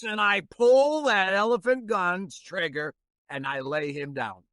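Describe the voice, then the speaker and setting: A man playing a tabletop game, describing his character's actions in a deliberate first person. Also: high-pitched, animated, a bit bright, clear, resonant tone, dry recording, studio quality. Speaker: player.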